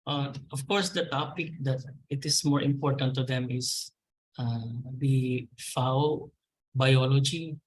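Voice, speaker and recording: A man's voice: mid-range voice, fairly even intonation, slow, slight background noise, rough recording. A man with a Filipino accent answering webinar questions about farmer training, polite and hesitant, calling the host ma'am. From Philippines. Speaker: agricultural extension officer.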